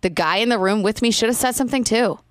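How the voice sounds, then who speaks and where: A woman's voice: on the high side, fast talker, dry recording, studio quality. A woman co-hosting a podcast, speaking candidly and earnestly about her own experience. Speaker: podcast co-host. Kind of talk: casual chat.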